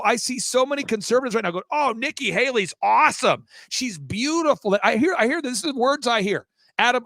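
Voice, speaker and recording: A man talking as a guest on a live talk show, emphatic and rapid-fire, throwing out rhetorical questions. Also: very high-pitched, fairly bright tone, no room sound, clean studio sound.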